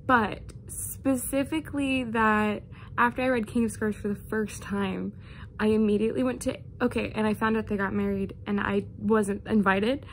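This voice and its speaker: A young woman talking in a casual vlog about a book she loves, gushing and excitable, often laughing between sentences. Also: mid-range voice, moderate pace, slight background noise. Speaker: book vlogger.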